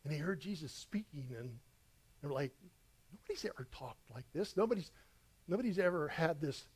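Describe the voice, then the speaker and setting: A man's voice: fairly high pitch, lively intonation, a little fast, a little mellow, slightly rough. A middle-aged man preaching verse by verse as a pastor, reading scripture dramatically with emphatic rises. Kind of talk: verse-by-verse sermon.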